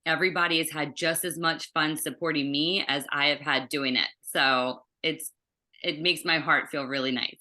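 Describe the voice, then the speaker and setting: A woman from Maryland in an interview, telling family stories in a casual, animated way. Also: low-pitched, moderate pace. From Maryland, USA. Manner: animated storyteller, acts out family voices. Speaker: interview guest.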